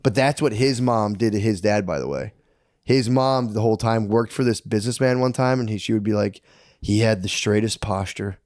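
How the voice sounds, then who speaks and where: A man co-hosting a podcast, retelling a book in a rambling, animated way, full of "dude" and "like". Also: fairly low pitch, brisk, no room sound, studio quality. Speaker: podcast co-host. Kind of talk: casual chat, retelling a book.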